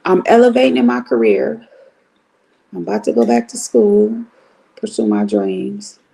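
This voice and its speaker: A woman's voice: mid-range voice, expressive, measured pace, gravelly, mellow. A middle-aged woman from Cleveland, ranting bluntly and profanely on a casual livestream. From Cleveland, Ohio. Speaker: livestream host.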